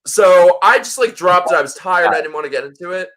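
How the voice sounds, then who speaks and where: A man hosting a casual live chat, bright and fairly high-voiced. He tells stories in an animated way and swears freely. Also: fairly quick. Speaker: host.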